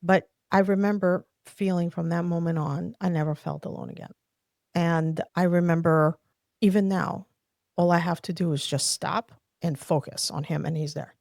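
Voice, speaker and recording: Gravelly-voiced woman sharing her testimony. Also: lowish voice, steady tone, moderate pace, a little mellow, no room sound, studio quality. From Soviet Union. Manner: earnest, heartfelt storytelling. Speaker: podcast guest. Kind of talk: personal faith testimony.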